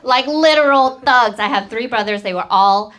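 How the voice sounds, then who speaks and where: A woman's voice: fairly high pitch, normal speed. A woman in her thirties doing a stand-up comedy set on stage, telling stories and acting out the quotes. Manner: animated storytelling with acted-out quotes. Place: comedy stage before a live audience. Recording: laughing crowd in the room. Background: audience laughter.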